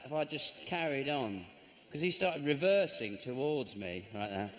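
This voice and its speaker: A middle-aged man from England doing a stand-up comedy routine, deadpan and grumbling, breaking into sudden shouts. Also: medium pitch, a little slow. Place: large theatre stage. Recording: live show with constant audience noise.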